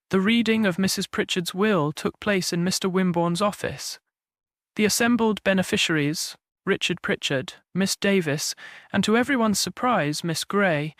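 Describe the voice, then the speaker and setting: A man narrating a cozy detective story in an even, measured storytelling manner. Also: high voice, dry recording, clean studio sound. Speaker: audiobook narrator. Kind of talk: scripted mystery narration.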